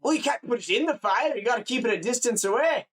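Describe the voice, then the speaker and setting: A man voicing a gruff, red-bearded farmer, barking and scolding. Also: very high-pitched, animated, quick pace, voice pushed up, exaggerated voice. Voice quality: loud, barking. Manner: scolding, blunt.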